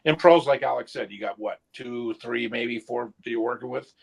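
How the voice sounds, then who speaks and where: A middle-aged man on a casual podcast, speaking in halting bursts with many restarts. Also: mid-range voice, fairly even intonation, creaky, slightly rough, poor audio. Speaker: podcast co-host, goalkeeper coach. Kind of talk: casual round-table chat.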